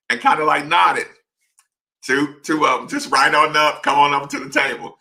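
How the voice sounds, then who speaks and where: A man telling casual stories straight to his camera, chatty and animated, acting out the dialogue of the people in them. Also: on the high side, a little slow, vocal fry. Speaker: former basketball player sharing stories. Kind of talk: casual storytelling vlog. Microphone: webcam or phone facing him.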